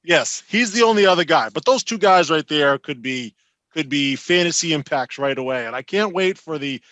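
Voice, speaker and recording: A man's voice: fairly high pitch, lively intonation, normal speed, fairly bright tone, no echo. A man co-hosting a podcast, talking fantasy football in a loose, rambling way. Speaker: podcast co-host. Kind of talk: casual sports chat.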